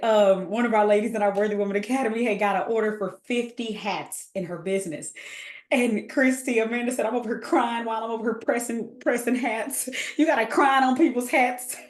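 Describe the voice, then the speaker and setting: A woman hosting a faith group chat, emotional and talking in quick bursts with restarts. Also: fairly high pitch, echoey room. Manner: emotional, talks fast with restarts. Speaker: host and faith coach. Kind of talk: casual live group chat.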